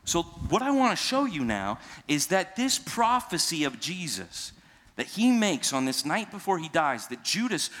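A pastor delivers a sermon in a relaxed, conversational way, a man with a slightly high voice. He keeps asking his listeners questions and slips into casual everyday speech when he acts out quoted lines.

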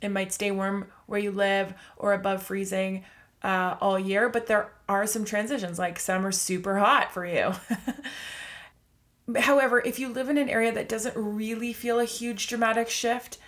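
A woman's voice: medium pitch, level tone, measured pace, fairly bright tone. Lady doing a motivational podcast, upbeat, chatty, says like a lot. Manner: upbeat and chatty, many fillers of "like". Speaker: podcast host. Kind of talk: casual motivational monologue.

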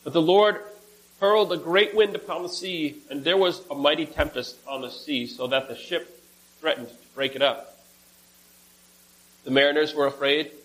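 A man's voice: fairly high pitch, fairly bright tone, rough recording. A man preaching, reading a scripture passage aloud with casual asides and small self-corrections.

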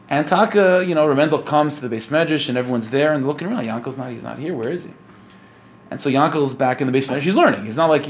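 A man's voice: medium pitch, slight background noise. Man telling a sermon story. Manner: conversational, repeats phrases, asks "you know what I'm saying?". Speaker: religious speaker.

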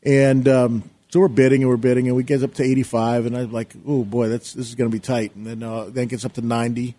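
Excitable man telling a story. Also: mid-range voice, quick pace. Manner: rambling, excitable, acts out quotes loudly. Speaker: guest, real estate investor. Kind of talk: animated storytelling.

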